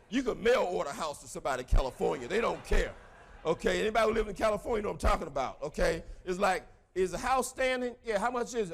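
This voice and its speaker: A middle-aged man with a Southern US accent giving an animated motivational seminar talk to a live audience, repeating his key points in a preachy way. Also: sits high. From American South. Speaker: motivational speaker.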